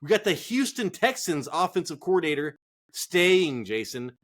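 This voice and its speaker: A man co-hosting a casual fantasy football chat, profane, excitable and rambling. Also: a little high, normal speed. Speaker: fantasy football podcast co-host.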